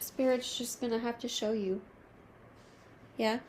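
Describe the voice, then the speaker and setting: Emotional, soft-spoken woman tarot reader. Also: fairly high pitch, steady tone, slight background noise. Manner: soft, emotional, reassuring, slow at card pulls. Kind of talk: intimate tarot reading to camera.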